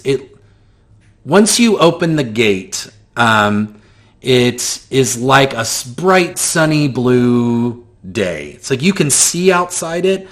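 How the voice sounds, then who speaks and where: A man narrates a tabletop game as game master at a slow pace. He pauses often with ums. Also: mid-range voice, a bit bright. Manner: hesitant, many ums.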